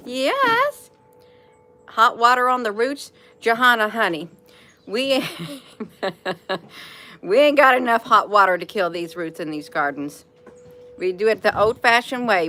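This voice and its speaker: Folksy woman, livestream host, crisp bright voice, warmly coaxing chat. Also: on the high side. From Indiana, USA. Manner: folksy, encouraging, addresses viewers as honey. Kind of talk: casual morning livestream chat.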